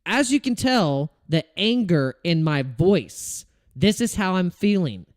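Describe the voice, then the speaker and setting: A man with a fairly high voice that swings widely up and down as he rants on a livestream. He talks in a fed-up, swearing, rambling way, full of restarts. His voice sounds close and dry, with no room around it. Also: very animated, takes it slowly, no room sound. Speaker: crypto trading livestream host. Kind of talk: casual livestream rant.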